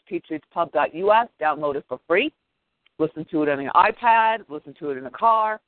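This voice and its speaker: A man's voice: fairly high pitch, animated, fairly quick, no echo. A man co-hosting a history podcast who reads passages aloud and makes rousing, impassioned pleas to his listeners. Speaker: podcast co-host. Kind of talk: reading history and plugging a podcast. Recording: dry, tinny phone line.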